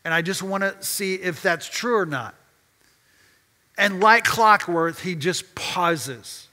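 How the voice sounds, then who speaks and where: A man, a pastor, preaching a sermon and telling a story with lively restarts and repeated words. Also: high voice, slow pace, big-room sound. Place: church sanctuary.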